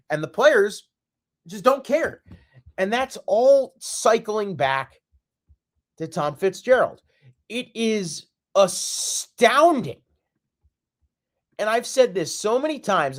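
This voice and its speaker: A man hosting a solo sports podcast, ranting in an exasperated, repetitive and emphatic way. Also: on the high side. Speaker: podcast host.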